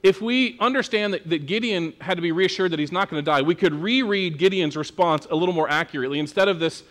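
A man's voice: high voice, quick pace, fairly bright tone. A male pastor preaching a sermon in a casual, joking, conversational manner.

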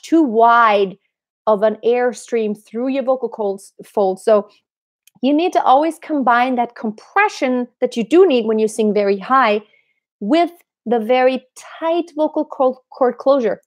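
A woman vocal coach answering viewer questions in a relaxed, explanatory way, breaking into short sung examples. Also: a little high. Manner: explanatory, demonstrates with sung snippets.

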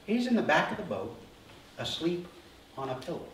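Male pastor, middle-aged, sermon, animated storyteller, distant mic, faint room hum. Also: fairly high pitch, moderate pace. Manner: animated storytelling, acting out disciples' voices. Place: church sanctuary. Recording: roomy hall from a distance.

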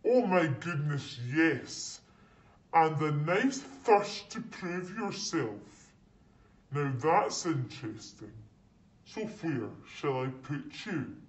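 A man voicing a small-voiced magical talking hat that muses slowly and coaxes. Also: on the high side, lively intonation. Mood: musing. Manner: slow, pondering, coaxing. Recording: roomy echo, distant mic.

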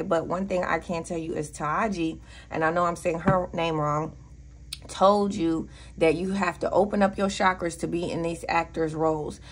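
A woman's voice: on the low side, gravelly, breathy edge. A woman with a Southern US accent giving a casual tarot reading, blunt and profane, with preachy asides. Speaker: tarot reader.

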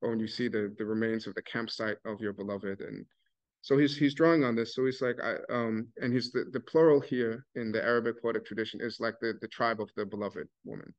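A man's voice: lowish voice, fairly even intonation, fairly quick, highs cut off. A man giving an academic talk, telling stories casually with many restarts and fillers. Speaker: lecturer. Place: university lecture hall.

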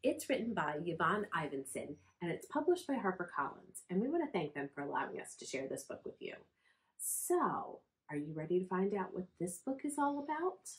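A woman, a children's librarian, reading a picture book aloud to children in a friendly, expressive storytelling manner. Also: lowish voice, brisk.

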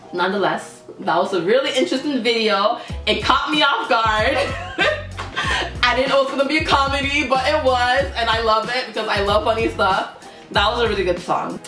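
A woman hosting a casual reaction video, excitable and quick to laugh, often trailing off mid-sentence. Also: medium pitch. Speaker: YouTube reaction host. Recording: echoey room with faint music.

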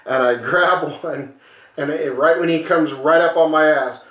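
A man's voice: on the high side, unhurried, echoey room, a little hiss or hum. A man co-hosting a casual podcast, telling a wild road story and acting out the voices as he goes. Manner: animated storyteller, acts out voices, swears freely. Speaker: podcast co-host. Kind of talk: casual storytelling over a beer.

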